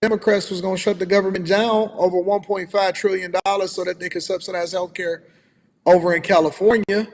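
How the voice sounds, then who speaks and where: A man's voice: high voice, flat delivery, fast talker, hardly any pauses, long reverb tail. A man co-hosting a livestream, giving emphatic, opinionated commentary in a lecturing way. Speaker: livestream co-host.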